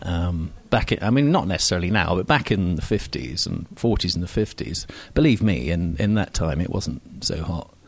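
An older Scotsman recounts a personal story at a stage mic, his received pronunciation delivery wry, self-mocking, digressive and heavy with fillers. The voice sits low and husky with vocal fry and lively intonation, moving at a moderate pace with hardly any pauses.

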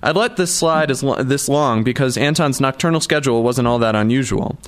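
A man reading a novel aloud in a measured storytelling manner. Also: mid-range voice. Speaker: audiobook narrator. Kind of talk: scripted narration.

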